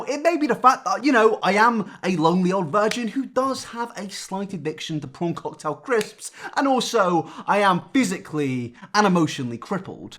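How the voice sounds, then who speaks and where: A young man giving a satirical YouTube rant, mock-angry and sarcastic, jumping between loud outbursts and hushed asides. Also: sits high.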